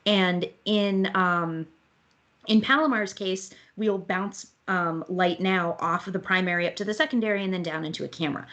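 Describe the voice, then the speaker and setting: Woman, astronomer guest, lively anecdotal storyteller, online interview. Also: lowish voice, normal speed, highs cut off.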